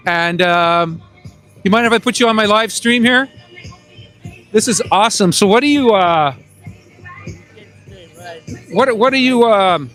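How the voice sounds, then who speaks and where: Male activist streamer, projecting outdoor voice, high and bright, light music in the background. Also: a little slow, pauses often. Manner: calls out to passers-by, loud projecting voice. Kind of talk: outdoor live stream commentary. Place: outdoors in a busy public plaza. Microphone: handheld phone mic. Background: music from outdoor speakers.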